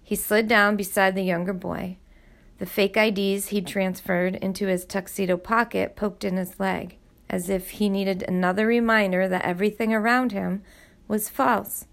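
A woman reading a novel aloud with expressive, steady audiobook narration. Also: mid-range voice, normal speed, creaky. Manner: expressive storytelling.

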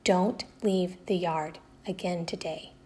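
A woman's voice: lowish voice, fairly even intonation, takes it slowly, a little mellow. A woman voicing a nervous, protective mother who scolds her son. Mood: quiet, firm. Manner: anxious, scolding.

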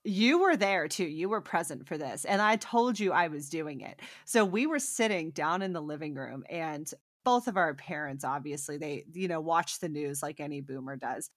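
Animated young woman, dry close sound. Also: sits low, moderate pace, no room sound. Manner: animated and profane, storytelling with emphatic bursts. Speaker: podcast co-host. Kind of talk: casual chat.

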